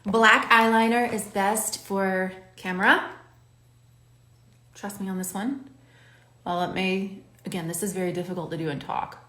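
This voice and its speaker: Woman host, encouraging makeup-tutorial chatter, middle pitch, roomy echo on the recording. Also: steady tone, normal speed, long pauses, pushed and bright. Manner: chatty and encouraging, coaching the viewer. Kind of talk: talking while doing her makeup on camera.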